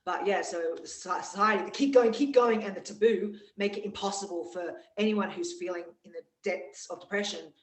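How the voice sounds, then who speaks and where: A woman hosting a casual conversation, speaking in a soft, hesitant, reflective way. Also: lowish voice, steady tone, fairly quick, few pauses. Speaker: host. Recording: echoey, distant room sound.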